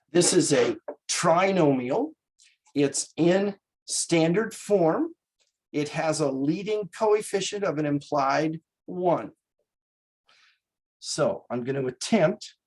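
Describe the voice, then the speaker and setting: A math instructor talks through a classroom lecture at an unhurried pace. The voice is a little husky and breathy, and the delivery is folksy, with frequent check-ins with the class and small jokes. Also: medium pitch, poor audio.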